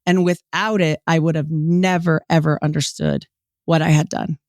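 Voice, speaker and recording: A woman in her forties from Utah, a podcast guest telling her story in a lively way, acting out what people said and laughing often. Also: sits low, normal speed, dry recording, studio quality. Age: 40s. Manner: animated, quotes people in lively voices, many "like" fillers. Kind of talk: storytelling interview.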